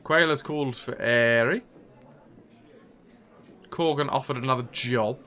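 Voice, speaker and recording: A man's voice: medium pitch, normal speed, pauses often, pushed and bright. A man streaming a role-playing game, reading quest text aloud and joking with his chat in a casual, laughing way. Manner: joking, chatty, laughs often.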